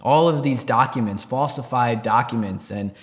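A man's voice: mid-range voice, normal speed. Man telling a church story in a reverberant room. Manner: candid, rambling with frequent restarts. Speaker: Christian storyteller. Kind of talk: personal testimony.

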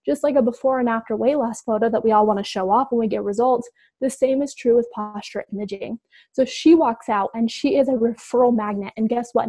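A woman giving an energetic, direct instructional talk to healthcare providers, addressing them as "you guys". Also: a little high, no echo, low-quality recording. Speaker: business coach for healthcare providers.

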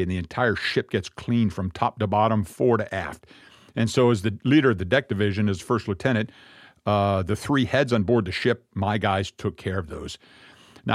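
Earnest and reflective, a middle-aged Messianic rabbi tells a personal story as his sermon, pausing and restarting at times. His pitch is fairly low. It's a dry, studio-quality recording.

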